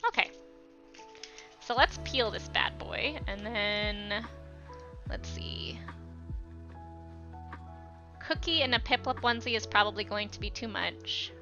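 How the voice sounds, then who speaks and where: A young woman speaks slowly with frequent pauses in a sharp-toned, mid-range voice. While drawing on an art livestream, she chats casually, thanks viewers by name and leans heavily on fillers; the audio is slightly dull lo-fi with faint music.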